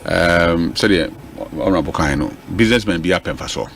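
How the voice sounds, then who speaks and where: A man talking on a radio panel, lively and switching between Twi and English. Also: sits low, a little fast, gravelly, a little hiss or hum.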